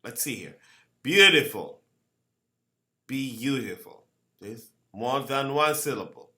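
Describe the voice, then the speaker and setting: A man teaching a grammar lesson. He speaks slowly, repeats each word and keeps asking "okay?". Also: medium pitch, animated, a bit bright. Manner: slow, repeats words and asks "okay?" often. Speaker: English teacher.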